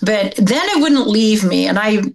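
A middle-aged woman from Oregon recounts a family memory as an interview guest. She speaks at a middle pitch in a conversational way. She voices the people she quotes with animated energy. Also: measured pace, vocal fry, poor audio. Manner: animated, acts out quoted dialogue. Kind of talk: personal storytelling in an interview.

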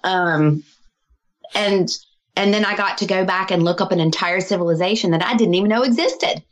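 A woman's voice: mid-range voice, moderate pace, lo-fi sound. A middle-aged woman, a healer and author, chatting casually as a guest, laughing often and acting out her own quotes. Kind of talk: casual podcast conversation.

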